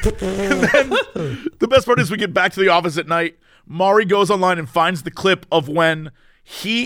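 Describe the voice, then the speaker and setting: A man's voice: high voice, fairly bright tone, dry recording, studio quality. A man in casual podcast chat, animatedly telling a story and acting out the quoted lines.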